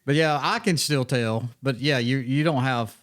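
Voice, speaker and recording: A man co-hosting a casual podcast, chatty and quick to tell his own stories. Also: mid-range voice, fairly bright tone. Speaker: podcast co-host.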